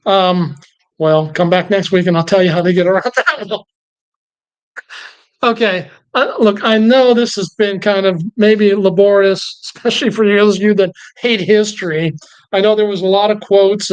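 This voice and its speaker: A man teaches a church Bible class in a loose, conversational style. He gets animated and worked up as he goes, often breaking off and restarting his sentences. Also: high-pitched, clear, resonant tone, low-quality recording. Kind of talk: casual church Bible lesson.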